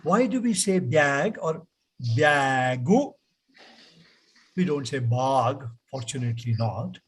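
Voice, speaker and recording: A man with an Indian English accent teaching pronunciation in an online class, slow and patient, repeating words for students to echo. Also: a little high, a little hiss or hum.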